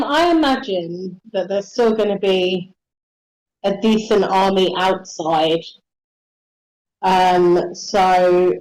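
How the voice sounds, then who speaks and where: A woman's voice: on the low side, a little mellow, low-quality recording. A woman player thinking aloud with some hesitation during a tabletop game. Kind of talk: casual chat.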